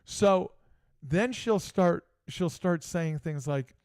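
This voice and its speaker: A man co-hosting a live sports talk show, telling an animated story with frequent laughter. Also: high-pitched, slow pace, clear, resonant tone, no room sound, studio quality. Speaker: co-host. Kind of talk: casual chat.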